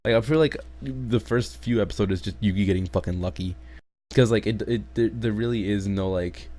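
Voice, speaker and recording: Deep-voiced male host, loose profane rambling review chat. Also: brisk, mellow. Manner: rambling, swears heavily, laughs in disbelief. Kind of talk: casual chat.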